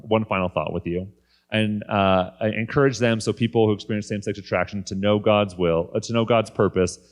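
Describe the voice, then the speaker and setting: Brief: man, thirties, lowish register, candid conference speaker telling a personal story. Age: 30s. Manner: candid, conversational. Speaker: guest speaker. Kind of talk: personal faith talk. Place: conference stage.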